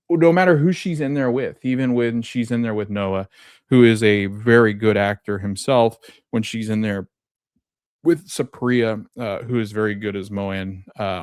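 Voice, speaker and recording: A man's voice: fairly low pitch, no echo, clean studio sound. A man hosting a podcast, recapping a TV episode in casual, rambling talk full of fillers and restarts, early in the morning. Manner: rambling, with fillers and self-corrections. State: just waking up, coffee kicking in. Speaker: podcast host.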